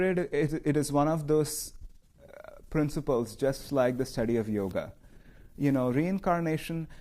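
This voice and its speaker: Chuckling man giving a casual spiritual talk. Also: medium pitch. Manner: relaxed and conversational, laughs often, many "you know"s. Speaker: meditation teacher. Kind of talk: spiritual talk with questions from the audience. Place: meditation and yoga center.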